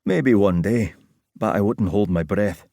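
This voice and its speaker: A man's voice: on the low side, unhurried, gravelly, dark tone, no room sound. A man with a Scottish accent voicing a suave, flirtatious middle-aged fire investigator with a dry, teasing manner.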